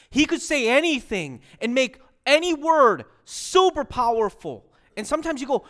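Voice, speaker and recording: A man preaching a sermon as a pastor, animated, acting out quoted voices and mixing English with another language. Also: very high voice, normal speed.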